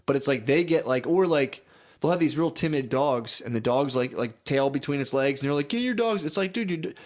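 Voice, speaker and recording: A man's voice: mid-range voice, steady tone, brisk, a little mellow. A young man co-hosting a podcast, talking casually and defensively with a lot of profanity, often acting out quotes as he rambles. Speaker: podcast co-host. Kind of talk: casual chat.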